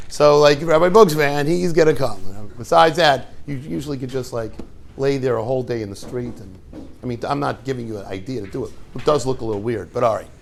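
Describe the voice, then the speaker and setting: A rabbi teaching his students through a lively story, acting out the scenes and dropping in joking asides. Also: mid-range voice, a little hiss or hum. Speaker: rabbi and yeshiva head.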